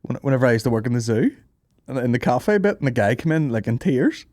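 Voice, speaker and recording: A man's voice: medium pitch, fast, no echo, studio quality. A young man, co-hosting a podcast, telling stories with acted-out voices and plenty of swearing. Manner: animated storyteller, acts out voices, swears. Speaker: podcast co-host. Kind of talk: casual banter.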